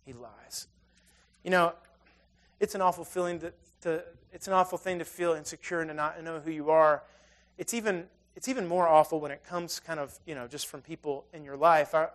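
High-voiced man preaching conversationally. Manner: storytelling with self-deprecating humor; swings from loud to hushed. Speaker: pastor. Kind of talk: conversational sermon.

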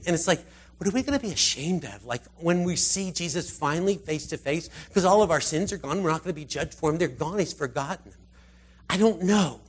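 Husky-voiced man preaching casually. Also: fairly high pitch, brisk. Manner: conversational, animated, acts out scripture quotes. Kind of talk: informal sermon.

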